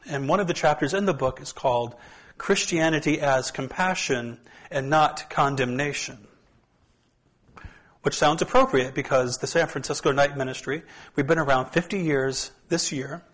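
A man speaking as a pastor in a relaxed, chatty talk to a church group, his voice a bit hoarse from allergies, on a hand mic. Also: fairly high pitch, moderate pace. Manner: relaxed, chatty, self-deprecating asides.

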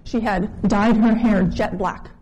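A woman pastor telling a story in a conversational sermon, dropping her voice softer when she quotes people. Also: mid-range voice, fairly even intonation, slow, a little hiss or hum. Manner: conversational, drops softer when quoting others.

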